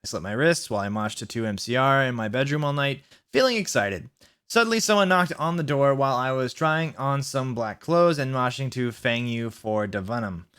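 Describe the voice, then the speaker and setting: Man doing a deadpan comedic reading. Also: mid-range voice, normal speed, clean tone. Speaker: youtuber reading aloud.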